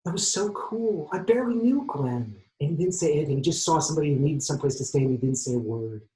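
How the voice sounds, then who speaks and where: A man in his sixties from Arizona, performing an autobiographical stage monologue with emotional swings in volume and pitch. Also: animated, fast, warm tone. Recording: echoey room.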